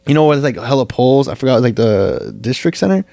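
A man's voice: mid-range voice, animated, fast, gravelly, mellow, dry recording. A young man co-hosting a podcast, telling a story in casual, profane slang. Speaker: podcast co-host. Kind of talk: casual chat.

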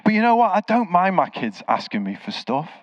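A man preaches a sermon, telling stories and giving the people in them their own acted-out voices. His voice sits high and moves fairly quickly, with no echo. The recording sounds dry and slightly dull.

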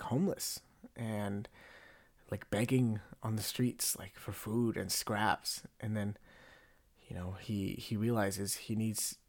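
A man's voice: on the low side, a little mellow. A man hosting a casual faith podcast, retelling a story in a rambling, earnest way with many fillers. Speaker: podcast host.

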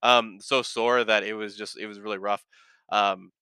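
A man's voice: lowish voice, fairly even intonation, moderate pace, pushed and bright, smooth, dry recording. A man hosting a casual solo podcast, talking in an earnest, rambling way that often corrects itself, with a slight lisp. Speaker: podcast host.

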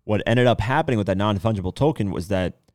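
Man, deep voice, solo podcast host, rambling casual talk, dry close sound. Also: fast, a little mellow, no room sound. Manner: loose, rambling, swears casually.

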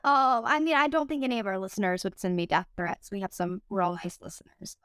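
A woman hosting a casual podcast chat, talking loosely with lots of "like" fillers and quick disclaimers. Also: medium pitch, lively intonation, fairly bright tone, smooth, no echo. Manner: chatty, many "like" fillers, quick asides and self-disclaimers. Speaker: podcast host.

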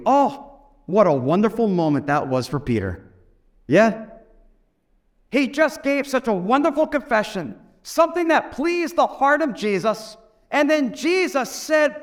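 A male pastor with a high voice preaching a sermon. He retells scripture as vivid, dramatic stories and acts out the characters as he goes. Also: sing-song, a little slow.

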